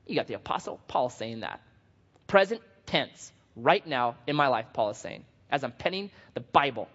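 In a church sanctuary with long reverb, a pastor whose voice is on the high side preaches at a moderate pace. His sermon is animated and conversational, with acted-out quotes and self-deprecating jokes, recorded in dull, lo-fi sound.

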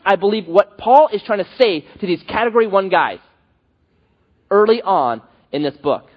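A man preaching a sermon, animated and acting out the voices he quotes. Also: high-pitched, normal speed, muffled recording. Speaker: pastor.

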